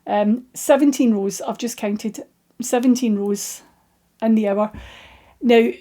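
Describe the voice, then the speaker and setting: A middle-aged woman with a soft Scottish accent talks her viewers through her crafting week from a table at home. Her voice sits a little high but sounds mellow and warm. She rambles in an easy, chatty way and pokes fun at herself as she goes. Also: steady tone, slow. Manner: rambling, self-deprecating, chatty. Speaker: knitting video host. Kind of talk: casual chat.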